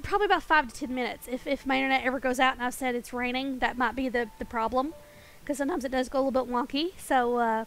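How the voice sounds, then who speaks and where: A woman's voice: high voice, fairly bright tone. A young woman streaming a game, chatting casually and rambling to her viewers with giggles. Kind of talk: casual live-stream chat.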